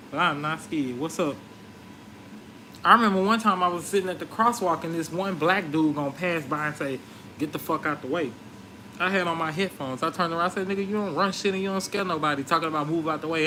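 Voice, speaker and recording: A man's voice: fairly high pitch, slight background noise, rough recording. A man telling street stories in a brash, confrontational, profane rant. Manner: brash, confrontational, animated retelling. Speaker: vlogger.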